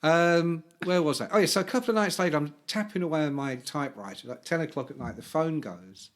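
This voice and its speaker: A man's voice: on the high side, brisk. Sweary man telling rock stories. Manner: storytelling, swears freely, acts out quoted voices. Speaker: podcast co-host. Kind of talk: casual chat.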